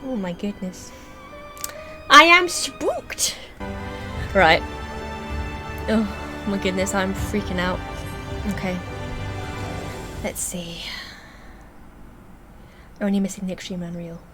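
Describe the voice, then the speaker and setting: A woman streaming a video game, reacting excitably, repeating her worries, and sometimes talking softly and hushed on a desk microphone at home. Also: medium pitch, a little slow, pauses often, faint music behind. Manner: soft, hushed talk late at night. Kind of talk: reactive gameplay commentary.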